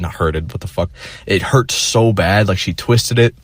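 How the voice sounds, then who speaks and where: A man's voice: low-pitched, steady tone, moderate pace, no echo. A young man telling a rambling, profane story in a casual monologue, full of fillers and restarts. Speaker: vlogger.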